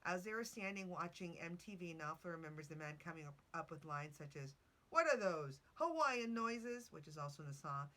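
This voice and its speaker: Low-voiced woman chatting on a podcast. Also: steady tone, fast talker, hardly any pauses, bright, forceful tone. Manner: chatty, with self-corrections and asides. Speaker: podcast host. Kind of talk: casual podcast talk, reading notes.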